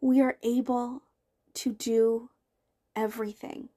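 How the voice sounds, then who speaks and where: A young woman with a somewhat high voice speaks in an earnest, encouraging podcast style. She stacks up repeated phrases for emphasis as she coaches her listeners. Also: little pitch movement, slow, mellow. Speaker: podcast host and life coach. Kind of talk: motivational podcast talk.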